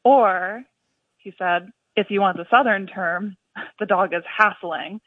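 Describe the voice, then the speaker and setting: A woman's voice: mid-range voice, slow pace, dry recording. A young adult woman calling in to a radio show, talking casually with many fillers and small laughs. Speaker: caller. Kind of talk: phone-in chat. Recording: tinny phone line.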